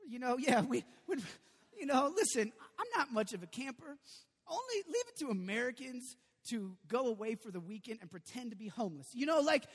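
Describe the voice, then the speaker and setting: A male pastor preaches in a lively, conversational way, breaking now and then into loud bursts. His voice sits high, and it rings with the long reverb of a large church hall. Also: brisk, breathy edge. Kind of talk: sermon.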